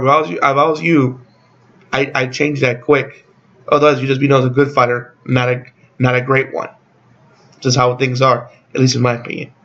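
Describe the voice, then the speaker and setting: A man's voice: mid-range voice, a bit bright, lo-fi sound. A man hosting his own channel, talking in a casual, rambling opinion vlog that is blunt, profane and dotted with sarcastic asides. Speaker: YouTube channel host.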